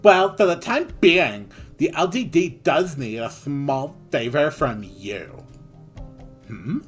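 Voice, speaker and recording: A man's voice: a little high, expressive, slow. A man voicing a bossy young female police commander with an exaggerated valley girl drawl, over faint music. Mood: commanding.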